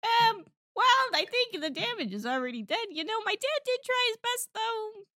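A woman with a very high, bright voice that jumps around as she plays her character in a tabletop role-play. Her banter is playful and giggly, and the sound is dry. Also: sing-song, normal speed, no echo. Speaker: player.

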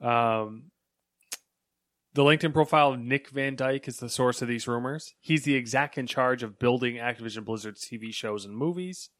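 A man's voice: medium pitch, normal speed, fairly bright tone, no echo, clean studio sound. A young man co-hosting a casual podcast, reading gaming news items aloud with frequent ums and chatty asides.

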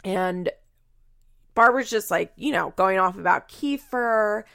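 A woman's voice: mid-range voice, measured pace, gravelly, fairly bright tone, no echo, clean studio sound. A woman recapping a reality show in casual chat, blunt and profane, often laughing.

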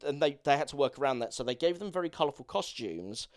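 Man, podcast co-host, casual rambling film chat, enthusiastic, mid-pitched voice. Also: lively intonation, fast.

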